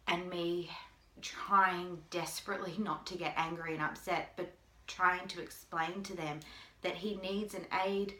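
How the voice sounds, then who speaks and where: A woman's voice: low voice, sharp tone. Echoey mother fighting back tears. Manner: halting, with long pauses. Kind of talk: personal video appeal. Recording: echoey room.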